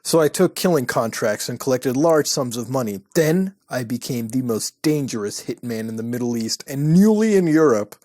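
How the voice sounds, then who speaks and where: A man voicing a hitman who tells his own backstory in a vague, put-on accent and a lowered, solemn tone. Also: lively intonation, normal speed, hardly any pauses, mellow, close to an everyday voice. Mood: mock solemn.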